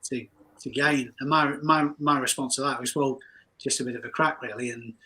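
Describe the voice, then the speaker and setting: A man's voice: medium pitch, fairly even intonation, normal speed, bright, forceful tone, poor audio. A man hosting a casual live chat, talking in a chatty way with frequent restarts. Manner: chatty, restarts often, laughs easily. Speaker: host.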